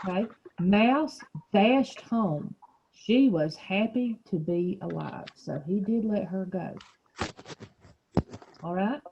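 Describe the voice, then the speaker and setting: A woman's voice: medium pitch, slow pace, gravelly, long pauses, highs cut off, background noise. A woman teacher leading a small reading group over a video call, asking questions and explaining words patiently.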